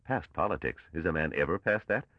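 A man voicing a brash, suspicious young male space trader with a sharp, probing manner. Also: deep voice, lively intonation, brisk, no echo, muffled recording. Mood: pushy.

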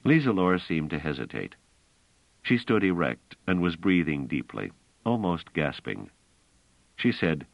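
A man reading a novel aloud as narrator, unhurried and expressive. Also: low-pitched, vocal fry, no room sound. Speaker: audiobook narrator. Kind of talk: scripted narration. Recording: slightly dull, dry audiobook recording.

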